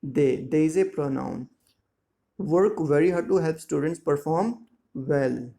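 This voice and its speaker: A man teaching a school lesson, explaining words slowly and checking that students follow. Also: fairly high pitch, gravelly, dark tone. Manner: slow, repetitive explaining with frequent check-ins. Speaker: English teacher. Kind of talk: classroom lesson explaining grammar and syllables.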